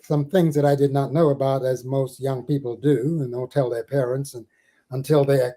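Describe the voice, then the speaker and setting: An older man from the Caribbean islands, a spiritual teacher telling stories in an interview, given to slow, theatrical recitation with big swells and drops. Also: mid-range voice, steady tone, warm tone, low-quality recording. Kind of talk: storytelling and dramatic poetry recital.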